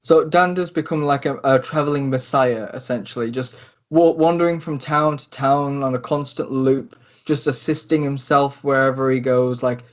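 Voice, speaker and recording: Rambling game master, lo-fi sound. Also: male voice, medium pitch, fairly even intonation, normal speed. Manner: rambling, with many ums and restarts. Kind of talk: narrating a tabletop role-play. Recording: dull lo-fi recording.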